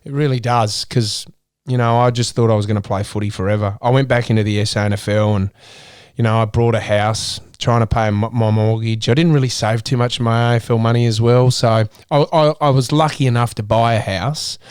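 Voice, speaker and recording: A man's voice: mid-range voice, steady tone, a little fast, darkish tone, smooth, no echo, studio quality. An Australian man in his thirties talking candidly and earnestly as an interview guest, often restarting his sentences. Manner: earnest, emotional, with many restarts.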